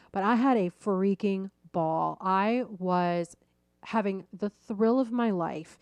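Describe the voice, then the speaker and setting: A middle-aged woman hosting a podcast, telling a personal story in a lively, self-deprecating way and laughing at herself. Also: medium pitch, clear, resonant tone, dry recording. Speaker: podcast host.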